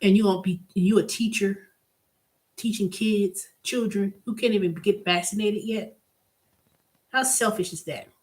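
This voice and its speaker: A woman's voice: mid-range voice, measured pace, darkish tone. A woman hosting her own vlog, talking casually and bluntly with strong emphasis, moving from exasperation to delight. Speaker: vlog host. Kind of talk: casual solo rant.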